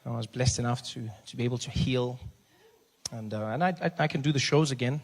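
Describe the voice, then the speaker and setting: A man's voice: medium pitch, a little fast, gravelly. A man with a South African accent doing a stand-up comedy set on a club stage, chatting to and teasing the crowd. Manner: chatty, teases the crowd directly.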